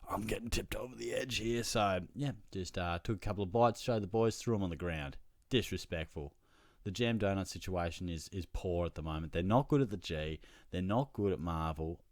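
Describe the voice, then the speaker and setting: A young Australian man hosting his own fantasy football show, telling a casual, animated story about his weekend and swearing freely along the way. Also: low voice, moderate pace, no room sound, studio quality.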